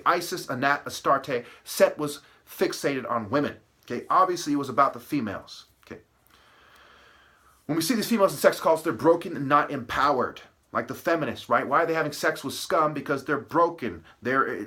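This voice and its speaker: Bright-voiced man lecturing emphatically. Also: medium pitch. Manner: emphatic, preachy, berating the audience; punning word-play, repeated "okay" and "right". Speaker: channel host. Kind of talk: lecturing solo monologue.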